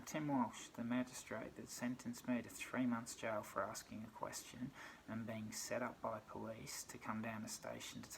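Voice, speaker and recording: Indignant Australian man on a gravelly rant. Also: medium pitch, a bit bright, slight background noise, rough recording. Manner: indignant, frustrated, many rhetorical questions. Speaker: vlogger. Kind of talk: aggrieved personal rant.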